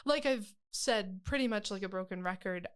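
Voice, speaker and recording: A woman's voice: medium pitch, moderate pace, a little hiss or hum. A young woman stage actor chatting in an interview, rambling and laughing easily. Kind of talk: casual interview chat.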